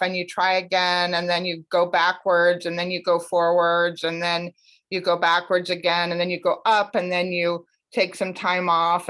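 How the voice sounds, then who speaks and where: A woman who works as an academic coach, talking casually to camera as the host of her show. She talks expressively, with wide swings in pitch and frequent laughter. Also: fairly bright tone.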